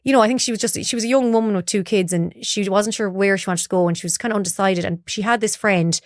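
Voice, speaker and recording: Fast-talking Irish woman telling stories. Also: mid-range voice, no echo, clean studio sound. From Ireland, Galway. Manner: chatty, acts out quoted dialogue. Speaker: guest, broadcaster. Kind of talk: casual storytelling interview.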